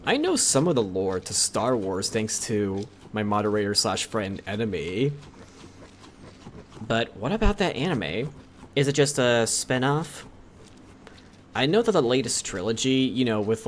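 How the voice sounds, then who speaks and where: A man's voice: medium pitch, a little hiss or hum. A young man streaming live, chatting casually with his viewers in a rambling way and often correcting himself. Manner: rambling, with frequent self-corrections. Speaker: livestreamer.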